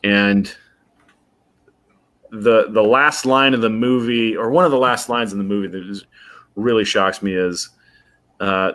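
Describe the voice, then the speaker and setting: Low-voiced, deadpan podcast co-host man. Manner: dry, deadpan jokes; halting, thoughtful explanations. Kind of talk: casual chat.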